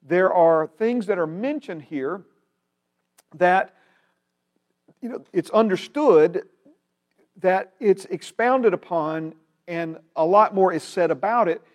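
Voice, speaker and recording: A man from Alabama with a Southern American accent, teaching a Bible class in a folksy, casual way and repeating key phrases slowly for emphasis. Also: high voice. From Alabama, United States.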